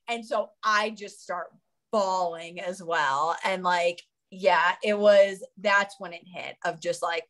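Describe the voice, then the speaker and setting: A woman's voice: on the low side, steady tone, slow, a bit bright. A young woman from the United States, an Olympic runner, chatting casually as an interview guest, giggling often and filling her speech with "like". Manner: bubbly, giggly, fillers of "like".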